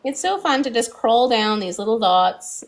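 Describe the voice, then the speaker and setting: A woman's voice: fairly high pitch, normal speed. A woman with a Canadian accent hosting a casual painting livestream, chatty and often laughing. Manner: chatty, laughing, animated teasing. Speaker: art livestream host. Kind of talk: casual painting tutorial chat.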